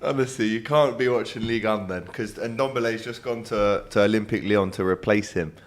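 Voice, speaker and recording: A man's voice: on the low side, fairly quick, a little hiss or hum. A man hosting a live show, chatting casually in a teasing, jokey way. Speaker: show host. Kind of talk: casual live-stream chat.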